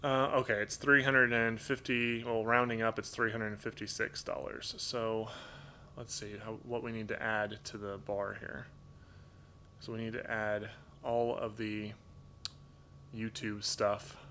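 A man hosting a live stream from home, reading out donations in a rambling, halting way, full of fillers and restarts, grateful and thinking aloud. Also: on the low side, level tone, sharp tone, slight background noise. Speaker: livestream host reading donations. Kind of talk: casual live-stream chat. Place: home with pet toucans.

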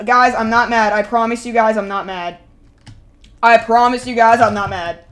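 A woman live-streaming a game, talking to her chat and yelling at game characters. She swings between shouting and muttering and repeats the same phrases over and over. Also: a little high, moderate pace, a little hiss or hum. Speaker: gaming streamer.

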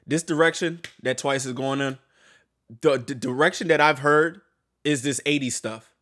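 A man reacting to an album on his video channel, talking to viewers in an excitable, stammering way, swearing freely and laughing often. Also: mid-range voice, moderate pace. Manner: talks to viewers while reacting to songs. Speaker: music reaction YouTuber. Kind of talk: casual album reaction vlog.

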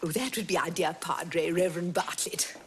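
A woman's voice: fairly low pitch, normal speed, a little hiss or hum, lightly acted. An actress playing a prim, scheming English spinster who lets her house, gossiping in an arch, falsely sweet way. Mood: catty, sweet. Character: prim scheming spinster landlady, middle-aged. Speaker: village hostess letting her house. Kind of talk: period television drama.

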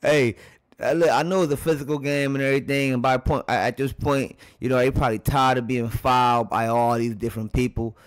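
A man's voice: medium pitch, fairly even intonation, fairly quick. Man, casual reaction commentary, laughs a lot, speaks to the viewers. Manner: laughs often, talks straight to viewers. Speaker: reaction video host.

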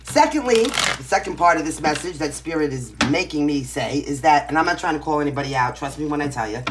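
A tarot reader with a Brooklyn New York accent gives a casual reading to the camera, blunt and emphatic, tagging points with "right?" and "okay?". Her voice is deep, animated and fast, over a noisy background.

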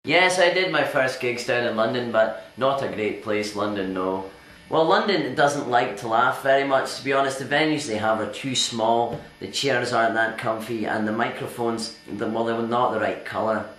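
An actor playing a self-important, deluded male stand-up comedian, boastful and halting with fillers, recorded in an echoey venue. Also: mid-range voice, fairly bright tone, a little hiss or hum, lightly acted. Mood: pompous. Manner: pompous and boastful, hesitant with fillers. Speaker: interviewee in a sketch.

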